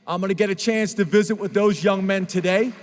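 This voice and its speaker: A man with a high, bright-edged speaking voice gives an earnest, emotional press conference address, stumbling into restarts and fillers now and then. His voice rings out with a long reverb tail, as if in a large hall. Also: steady tone, fairly quick, slight background noise. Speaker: head football coach.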